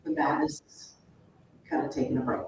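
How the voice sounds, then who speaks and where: A woman gallery owner making a quick, emphatic announcement at an event. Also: distant mic, background noise. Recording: echoey room, speaker away from the mic.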